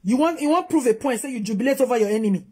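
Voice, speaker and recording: Husky scolding Nigerian woman. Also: fairly high pitch, animated, racing, darkish tone. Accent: Nigerian Pidgin English. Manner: scolding, emphatic, switching between English and Pidgin. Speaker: vlogger. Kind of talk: reaction commentary on a video.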